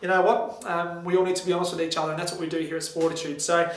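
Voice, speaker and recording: A man's voice: a little high, level tone, very fast. A man with an Australian accent giving a candid, friendly running shoe review to camera, with frequent ums and restarts. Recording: echoey room.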